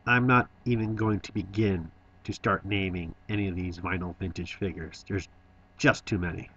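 A man's voice: deep voice, fairly even intonation, moderate pace, a bit bright, husky, lo-fi sound. A man giving a scripted voice-over tour of a toy store, enthusiastic with wry asides.

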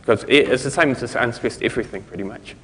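A New Zealand man delivers a conference talk quickly in a medium-pitched, slightly bright voice. It's a rambling, informal talk heavy with fillers, restarts and amused asides, recorded in a lecture hall with long reverb.

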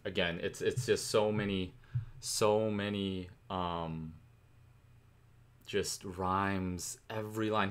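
A young man with a low voice hosts a rap reaction video. He rambles loosely, full of "um" and "like", and speeds up whenever he gets excited about the rhymes. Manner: rambling, enthusiastic, many fillers. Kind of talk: casual music reaction commentary.

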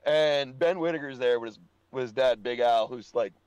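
A man's voice: medium pitch, moderate pace, darkish tone, clear, resonant tone, dry recording, poor audio. A young man telling rowdy stories as a guest on a racing podcast, swearing and laughing as he goes. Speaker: podcast guest, dirt track racer. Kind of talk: casual podcast chat.

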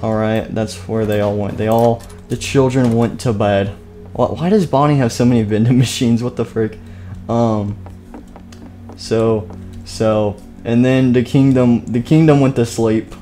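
A man's voice: medium pitch, fairly even intonation, unhurried, dark tone, faint music behind. A young man narrating a game role-play on a live stream, rambling, goofy and often cutting himself off, into a desk microphone. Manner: rambling, self-interrupting, goofy.

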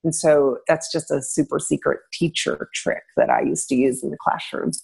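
A middle-aged woman, a former teacher, giving parenting advice in a relaxed interview, lively and acting out parents and children as she talks. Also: low-pitched, moderate pace, gravelly, husky. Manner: animated, acts out parents and kids in a raised voice.

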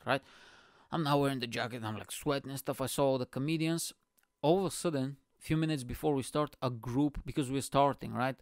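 A young man telling a comedy-gig story in a casual, animated monologue, swearing and acting out the scene. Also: medium pitch, no echo, studio quality. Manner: animated, swearing, acts out scenes with chummy slang. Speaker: stand-up comedian and podcast host.

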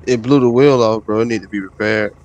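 A man's voice: on the low side, fairly even intonation, a little fast, a little mellow, muffled recording. A man chatting casually while playing a game with a friend, laid-back, swearing constantly and laughing often. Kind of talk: casual profane gaming chat.

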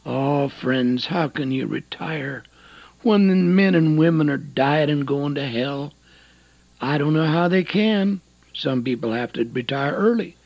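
A man in his late seventies, an evangelist giving a radio sermon, swinging between loud exhortation and a hushed near-whisper. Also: on the high side, a little slow, creaky, no echo. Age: 70s. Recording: dull lo-fi radio broadcast with faint music.

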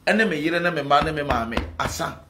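A man's voice: on the high side, lively intonation, a little fast, sharp tone, slight background noise. A man with a Ghanaian accent, a pastor speaking in a fiery, defiant and combative way as he answers his critics. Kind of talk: heated address to critics. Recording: echoey room.

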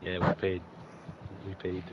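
A man's voice: deep voice, monotone, unhurried, lo-fi sound, noisy background. A man streaming a baseball video game, chatting casually with crude, laid-back banter. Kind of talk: casual gaming chat.

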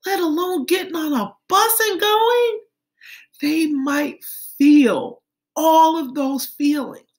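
A woman teacher speaking to little kids in a high voice. She takes her time, drawing out each step in a gentle, sing-song way. She calls her young listeners friends as she walks them through the lesson. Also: gravelly. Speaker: kindergarten teacher. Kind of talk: social-emotional lesson for young children.

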